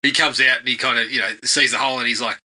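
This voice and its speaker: A man's voice: mid-range voice, steady tone, rapid-fire, pushed and bright, a little hiss or hum. A man, co-hosting a casual film review podcast and laughing as he retells scenes. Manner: laughs often while quoting scenes in put-on voices. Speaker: podcast co-host.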